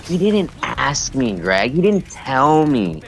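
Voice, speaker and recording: Animated, swearing man venting. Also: medium pitch, slow, gravelly. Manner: animated venting, frequent swearing, says "dude" and "bro". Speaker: EMT, podcast guest. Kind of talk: casual chat.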